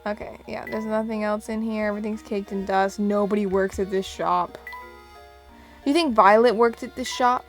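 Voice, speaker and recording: A young woman chatting casually as she plays a puzzle game, giggling and thinking out loud. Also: mid-range voice, steady tone, normal speed, soft background music. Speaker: game streamer. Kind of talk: casual let's-play chat.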